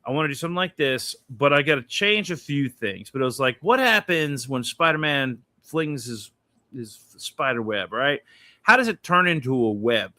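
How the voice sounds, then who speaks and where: A man's voice: mid-range voice, expressive, moderate pace, bright, forceful tone, no room sound. A man casually chatting about his drawings on a stream, laid-back and swearing freely as he explains his art. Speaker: artist showing his drawings. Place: indoor studio with his art panels behind.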